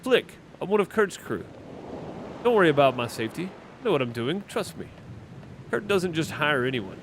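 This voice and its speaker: A man's voice: a little high, big pitch swings, normal speed, slight background noise. A man voicing a confident young woman acrobat scout in a video game, speaking in a breezy, self-assured way.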